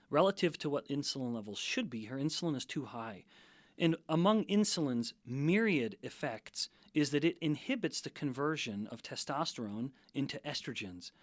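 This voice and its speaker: Measured lecturing man, dry close sound. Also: medium pitch, dry recording. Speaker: scientist guest. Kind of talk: explanatory interview talk.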